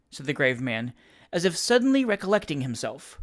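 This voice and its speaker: A measured audiobook narrator reading a classic novel, voice at a mid pitch. The narration dips low and quiet around the dialogue tags. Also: very animated. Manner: measured, lower-voiced narration between characters.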